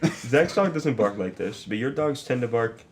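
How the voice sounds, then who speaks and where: A man's voice: medium pitch, expressive. Teasing young man chatting on a podcast. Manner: teasing, laughing, quick asides. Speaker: podcast co-host. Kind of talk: casual chat among friends.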